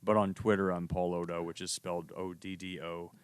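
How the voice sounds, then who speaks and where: A man's voice: deep voice, level tone, fairly quick, clean tone, no echo, clean studio sound. A man guesting as a comedian, chatting in a rambling, profane way and laughing often. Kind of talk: casual chat.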